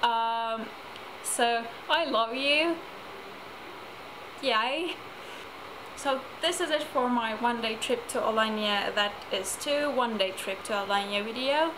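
A woman's voice: a little high, takes it slowly. Giggly teenage girl vlogging. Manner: giggly, chatty. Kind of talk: casual chat. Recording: noisy home video.

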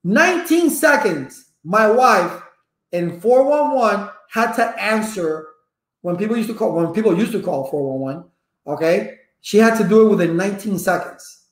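A man talking casually to viewers as a networking instructor, a lively storyteller full of personal anecdotes. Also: sits high, moderate pace. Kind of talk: casual rambling talk to viewers. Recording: echoey room.

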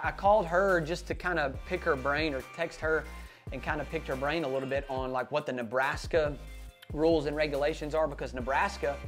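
A young man, hosting a casual hunting vlog and telling a rambling, excited story full of fillers. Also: on the high side. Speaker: hunting channel host.

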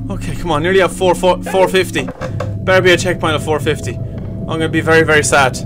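A man's voice: a little high, level tone, fast. A young man giving let's play commentary on a horror game, swearing and yelping whenever he gets scared. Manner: frantic, swearing, yelps when scared. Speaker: gaming YouTuber. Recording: game music playing underneath. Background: game music.

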